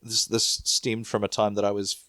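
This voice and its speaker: A New man in his thirties hosts a casual podcast chat with a low-pitched voice. He rambles through stories and breaks into laughter often. The sound is dry and close, with no room behind it. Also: completely flat delivery, moderate pace, a bit bright, dry recording. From New Zealand. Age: 30s. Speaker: podcast host.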